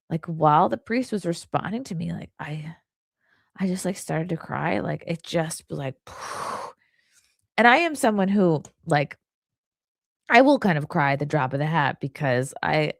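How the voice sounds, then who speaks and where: A woman hosts a casual livestream, rambling through a story with constant "like" and earnest, confiding asides. Her voice sits fairly low with a gravelly, creaky edge. The sound is dry and close, with little room echo. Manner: rambling and chatty, heavy use of "like". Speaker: livestream host. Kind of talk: casual livestream chat, reading viewer comments.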